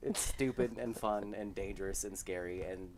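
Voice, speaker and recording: A man with a lowish voice co-hosts a casual live stream, rambling from one story to the next. He laughs his way through the telling. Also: normal speed, darkish tone, slight background noise. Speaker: podcast co-host.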